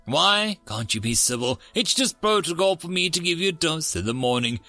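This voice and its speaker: A man's voice: fairly high pitch, lively intonation, moderate pace, sharp tone, no echo, faint music behind, voice pushed up. A man voicing a formal, patient male alien interrogator in a sci-fi story. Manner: formal, clipped.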